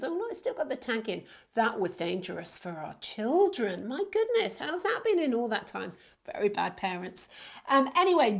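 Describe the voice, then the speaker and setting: Animated woman presenting for children. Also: a little high, normal speed, slight background noise. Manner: animated, playful, exclaiming. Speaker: church minister hosting a children's show.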